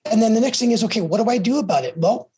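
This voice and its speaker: A middle-aged American man, a podcast guest, speaks in a high, husky voice at a very fast clip. His advice is earnest and encouraging, and he often repeats words, restarts phrases, and lets his endings trail off softly.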